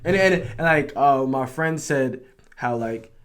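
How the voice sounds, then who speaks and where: A man's voice: medium pitch, slow, a bit bright. A young man from New York, a podcast guest, talking casually with many fillers and repeated "like" and "you know what I'm saying". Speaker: guest, rapper and former soldier. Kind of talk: casual interview chat.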